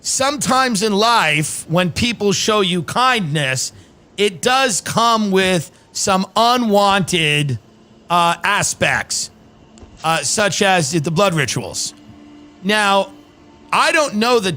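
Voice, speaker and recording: A man's voice: high voice, pushed and bright. A man hosting a casual comedy podcast, rambling and reading news quotes aloud with dry sarcasm. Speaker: podcast host.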